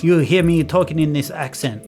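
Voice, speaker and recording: A man's voice: on the high side, normal speed, darkish tone, faint music behind, close to an everyday voice. A man putting on the voice of a cheerful, brainwashed man who takes back everything he said, in a sarcastic parody. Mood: mocking. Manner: sarcastic, sing-song parody of an official message. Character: mock brainwashed man recanting, overly cheerful.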